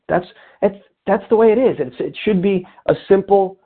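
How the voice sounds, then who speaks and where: A man's voice: sits high, normal speed, husky. A man giving informal coaching advice in a conversational way, often restarting his phrases. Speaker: sales coach. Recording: tinny phone-like sound.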